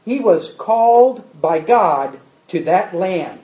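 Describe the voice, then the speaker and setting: A man preaching a sermon and reading scripture, shifting between loud emphasis and quiet asides. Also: high-pitched, sing-song, slow. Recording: echoey hall, slightly dull sound.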